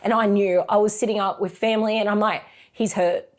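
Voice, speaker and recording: A woman's voice: mid-range voice, fairly even intonation, fast talker. A middle-aged woman with an Australian accent, a mother expressively recounting memories in an interview.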